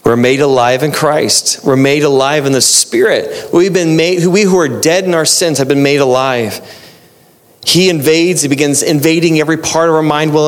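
A man preaching a sermon in a conversational style, jumping into animated quoted voices and mixing quick bursts with slow emphatic phrases. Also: fairly high pitch. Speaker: pastor.

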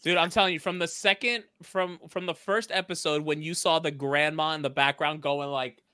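A man co-hosting a casual podcast chat, animated and swearing freely, with quick restarts. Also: a little high, smooth, no room sound, clean studio sound. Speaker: podcast co-host.

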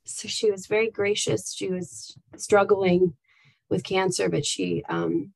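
A woman who leads a nonprofit shares candid, heartfelt stories in a casual chat full of fillers. Her medium-pitched voice is a little slow, with vocal fry and a breathy edge, captured in a dry recording of poor quality.

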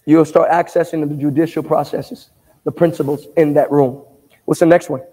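A male pastor preaching a sermon in call-and-response fashion, asking the congregation to answer back and building to shouted emphasis. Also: on the high side, level tone, moderate pace, slightly rough. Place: church sanctuary. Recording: long reverb of a church hall.

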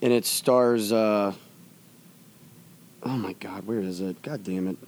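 Excitable man saying dude a lot. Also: fairly low pitch, slow pace. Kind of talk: casual chat.

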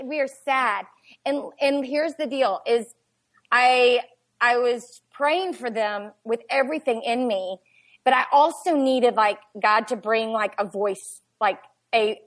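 A woman tells a family story on a podcast. Her voice sits a little high, and she talks in a chatty, animated way, with "like" all through it. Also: a little slow. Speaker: podcast guest. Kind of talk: casual storytelling chat.

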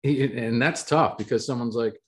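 A man's voice: medium pitch, normal speed. Man chatting eagerly on a podcast. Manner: enthusiastic, rambling, laughs often. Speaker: podcast co-host. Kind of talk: casual spiritual chat.

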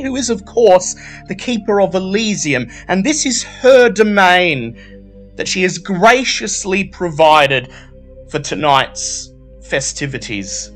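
A man's voice: sits high, a bit bright, pitched above the performer's own voice, heavily acted. A man voicing a poised, chatty female vampire herald who speaks with formal courtesy. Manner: gracious, chatty, sing-song formal hostess.

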